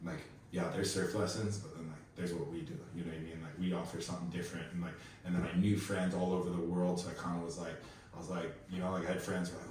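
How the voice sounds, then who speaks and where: In a low-pitched, flat, slightly mellow voice, a man from Kauai, Hawaii speaks quickly as a pro surfer guest telling laid-back podcast stories full of slang and fillers. The distant-mic recording is echoey, with a little hiss or hum.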